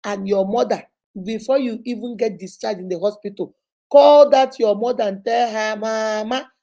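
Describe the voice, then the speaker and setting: A woman's voice: fairly high pitch, moderate pace, mellow. A woman hosting a live advice session, emphatic and motherly, repeating points and calling the listener baby. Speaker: relationship advice host and child therapist.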